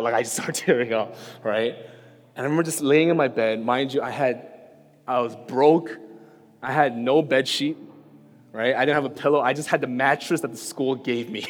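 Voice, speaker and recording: Soft music plays in a reverberant church hall as a New York preacher delivers a sermon built around a personal story. He speaks at normal speed in a mid-range voice, conversational and self-mocking, regularly tossing in "right?" to check in with listeners.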